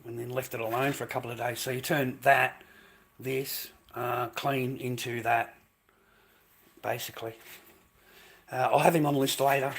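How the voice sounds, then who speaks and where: A man's voice: mid-range voice, little pitch movement, moderate pace, long pauses, breathy edge. Profane older Australian man ranting. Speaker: vlogger. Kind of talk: rambling casual monologue to camera.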